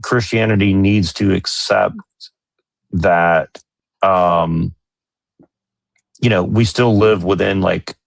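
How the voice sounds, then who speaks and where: A man's voice: low-pitched, fairly even intonation, slow pace, creaky, pauses often, no echo. A man in a casual philosophical debate who rambles and leans heavily on filler words.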